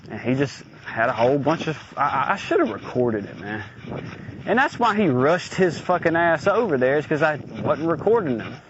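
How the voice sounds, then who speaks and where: A man's voice: fairly high pitch, very animated, moderate pace. Man, aggrieved and profane, in an audio diary rant; muffled lo-fi take with faint hiss. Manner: blunt, profane, aggrieved venting. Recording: dull lo-fi recording with faint noise.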